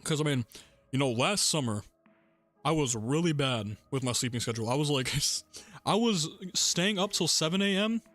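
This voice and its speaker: A young man streaming a game, chatting casually in a rambling, relaxed way and laughing often between thoughts. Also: on the high side, moderate pace, soft background music. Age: young adult. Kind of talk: casual gaming livestream chat.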